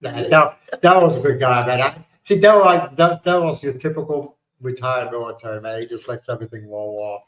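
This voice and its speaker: A man's voice: medium pitch, a little fast, hardly any pauses, fairly bright tone. Man telling stories in a roomy space. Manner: storytelling, laughing at his own punchlines. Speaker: livestream host. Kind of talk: casual chat.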